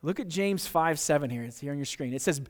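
A man's voice: fairly high pitch, animated, fast talker. A man with an American accent, preaching a sermon as pastor in an earnest, conversational way, often repeating words as he goes. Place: church sanctuary. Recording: long reverb of a church hall.

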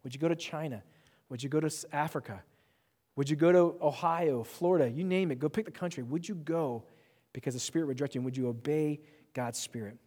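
Young guy preaching, jokey and animated, kinda high voice, echoey church hall. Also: brisk. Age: young adult. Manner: animated and joking, with self-mocking asides. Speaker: pastor. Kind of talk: sermon.

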